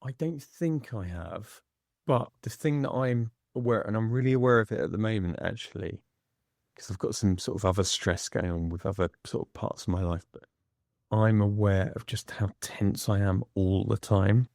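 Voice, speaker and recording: A man speaking as a podcast guest in a candid conversation, measured and reflective, pausing between phrases. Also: fairly low pitch, vocal fry, a little mellow, no echo, clean studio sound.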